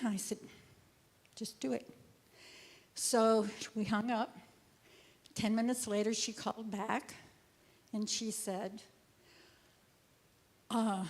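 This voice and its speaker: A woman's voice: on the high side, slow, long pauses. An older woman from the congregation telling a personal story of giving, chatty and full of laughter and asides. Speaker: congregation member. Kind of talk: personal testimony.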